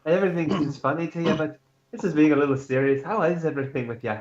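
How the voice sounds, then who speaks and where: A man's voice: fairly high pitch, quick pace, darkish tone, natural voice. A man voicing a friendly, boisterous male knight with a put-on accent and old-fashioned words, in a tabletop game. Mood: hearty. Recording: roomy, slightly dull mic.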